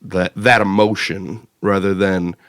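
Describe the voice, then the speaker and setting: A man co-hosts a casual podcast chat in a lowish voice, feeling his way through each thought with stalls and restarts. The sound is dry and close, with no room around him. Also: fairly even intonation, a bit bright, no echo. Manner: halting, full of uh's and restarts. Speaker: podcast co-host.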